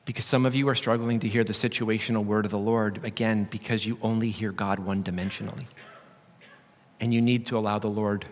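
A man pastor giving a sermon, swinging between loud, urgent preaching and quiet emphasis. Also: on the low side, steady tone, brisk. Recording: long hall reverb.

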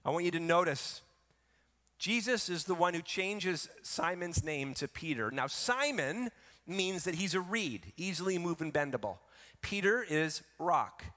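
A male pastor preaching a sermon with emphatic delivery, swinging between quiet asides and loud, rising lines. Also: high-pitched, animated, unhurried. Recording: reverberant hall.

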